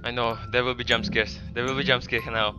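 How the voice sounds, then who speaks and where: A man's voice: mid-range voice, little pitch movement, a little fast, music in the background. A man commentating his own horror game playthrough, swearing often and breaking into panicked outbursts. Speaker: gaming channel host. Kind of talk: horror let's play commentary.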